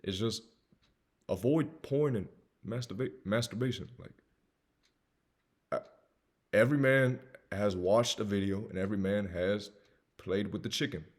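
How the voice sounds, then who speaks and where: A young man with a husky, fairly low voice and a faint Southern US lilt. He speaks emphatically as a self-improvement host, repeating phrases and switching between loud urging and quiet, confessional asides. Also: unhurried, pauses often. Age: 20s. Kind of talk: earnest personal monologue.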